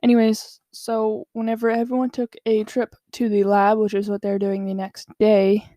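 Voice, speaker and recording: A woman casually recapping a show episode, rambling with lots of fillers and asides, acting out characters' lines in quick bursts. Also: medium pitch, monotone, dark tone, no room sound, clean studio sound.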